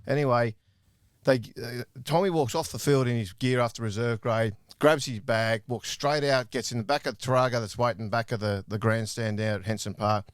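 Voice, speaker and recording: Aussie man, podcast guest storyteller, mid-pitch, lively, dry close sound. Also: a little fast, clean tone, no room sound. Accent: Australian. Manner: animated, laughing storyteller. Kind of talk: casual anecdote telling. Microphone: podcast microphone.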